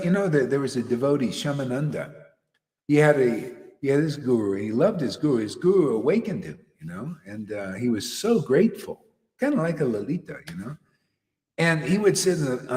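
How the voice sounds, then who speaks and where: A man preaches in a loose, conversational way, his pitch swinging widely as he jokes, laughs and drops slang. His voice rings out with a long hall reverb behind it. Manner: animated, slangy, laughs often. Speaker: spiritual teacher. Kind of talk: casual devotional talk.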